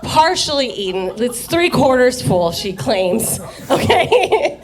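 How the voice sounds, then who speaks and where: A woman's voice: high voice, sing-song, slow. A young woman doing a rambling, profane stand-up set in a bar, often laughing at her own jokes. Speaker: stand-up comedian. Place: dive bar comedy stage.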